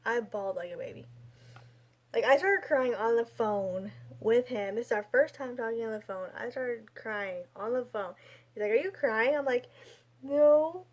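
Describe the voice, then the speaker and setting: A woman's voice: fairly high pitch, moderate pace. A young woman in her twenties telling a personal story in a casual, rambling vlog style, full of fillers and restarts. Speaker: vlogger.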